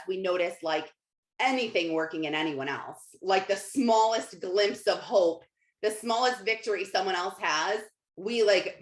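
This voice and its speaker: A woman life coach giving a casual motivational talk, chatty and animated, often saying "like" and acting out her own thoughts in quick asides. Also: mid-range voice, echoey room, poor audio. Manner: frequent filler "like". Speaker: life coach and podcast host.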